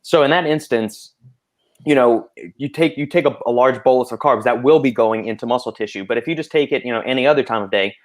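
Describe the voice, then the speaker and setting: A man's voice: medium pitch, fast. Chatty male podcast host explaining. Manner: explains at length, many fillers. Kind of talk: casual panel podcast talk.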